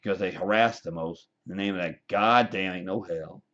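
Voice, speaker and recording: A man's voice: low-pitched, brisk, a bit bright, muffled recording. A man delivering a profane, combative, preachy rant to his webcam. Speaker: vlogger. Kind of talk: ranting webcam monologue.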